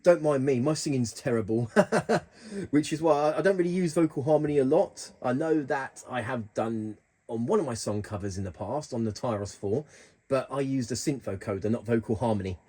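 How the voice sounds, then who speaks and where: A man's voice: medium pitch, normal speed, mellow. A man hosting a keyboard tutorial, talking casually through the settings with plenty of fillers and restarts. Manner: chatty, hesitant with fillers and restarts.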